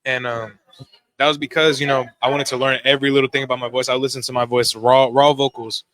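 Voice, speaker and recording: A young man speaks quickly, with a bright, forceful edge to his voice. He is a guest on a casual podcast. He tells his stories with animated energy and keeps checking that his listeners follow him. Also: medium pitch, poor audio. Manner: fast, animated storytelling with frequent "right?" tags. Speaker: guest musician. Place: live-streamed podcast studio.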